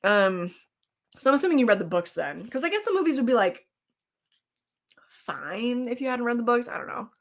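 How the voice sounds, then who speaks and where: A woman's voice: fairly high pitch, sing-song, moderate pace, pauses often. A woman hosting a casual live stream, rambling about horror movies, reacting to chat and snacking as she talks. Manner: chatty and rambling, reacting to chat, with fillers and laughs; eating snacks while talking.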